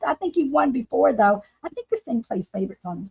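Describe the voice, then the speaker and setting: A woman's voice: on the high side, very animated, moderate pace, vocal fry, a little mellow, husky. A woman hosting a casual craft livestream from home, chatting and laughing with her viewers while she paints. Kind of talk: casual live-stream chat while painting. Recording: dull lo-fi livestream audio.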